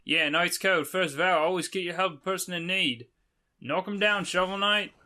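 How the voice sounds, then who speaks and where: A man voicing a boastful young male knight hero with boomerangs, in a hokey put-on Australian twang. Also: normal speed, bright, forceful tone. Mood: hearty.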